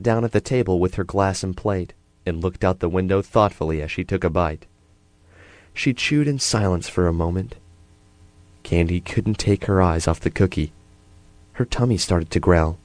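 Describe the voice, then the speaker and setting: A low-voiced audiobook narrator reads a scripted children's story at normal speed, with no room sound. His delivery is expressive, in a storytelling style.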